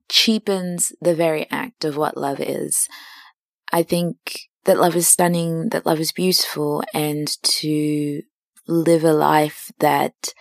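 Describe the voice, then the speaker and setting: Young woman podcast host, deep and dry, slow and chatty, a bit dramatic. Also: fairly even intonation, gravelly, no echo. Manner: chatty, self-dramatizing storyteller. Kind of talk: casual personal monologue.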